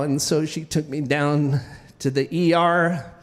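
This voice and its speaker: A man telling a wry, self-deprecating comic story on stage at a live event, with halting restarts. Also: on the high side, steady tone. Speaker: featured storyteller. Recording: reverberant live hall.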